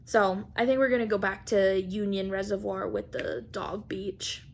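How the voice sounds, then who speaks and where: A young woman vlogger telling a story in a casual, animated way, acting out quotes and laughing often. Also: mid-range voice, normal speed, vocal fry, a little hiss or hum. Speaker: craft vlogger.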